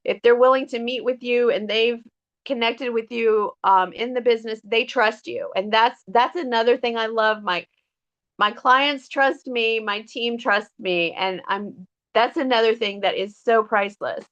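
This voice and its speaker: A middle-aged woman with a drawl gives a casual motivational talk to her team. She speaks in a fairly high voice, earnest and chatty, full of fillers and restarts. The recording sounds dull and lo-fi. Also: steady tone, measured pace, fairly bright tone. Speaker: direct sales team member. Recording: dull lo-fi audio.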